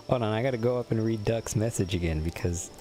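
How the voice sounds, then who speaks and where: A young man streaming a game, chatting casually and teasing his viewers as he reads their messages aloud. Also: fairly low pitch. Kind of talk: casual gameplay commentary.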